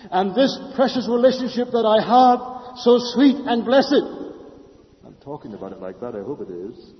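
A man preaching a sermon, swinging between loud declarations and hushed speech. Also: sits high. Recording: lo-fi with long hall reverb.

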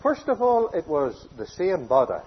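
Male preacher, emphatic sermon, high lively pitch, lo-fi recording. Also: moderate pace, husky. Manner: emphatic preaching, swings between loud declarations and hushed phrases.

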